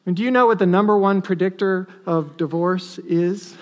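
Male pastor, high-pitched, earnest sermon delivery with emphatic stresses. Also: normal speed, hardly any pauses. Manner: earnest, rises to emphatic stresses then drops to quiet asides.

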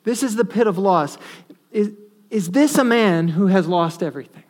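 A male pastor preaching a sermon earnestly, with emphatic stresses that drop to quiet asides. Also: high-pitched, expressive, normal speed.

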